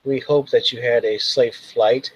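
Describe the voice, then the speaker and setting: A man's voice: medium pitch, fairly even intonation, measured pace, husky, poor audio. A man voicing a stiff, formal protocol droid translator with stilted diplomatic phrasing.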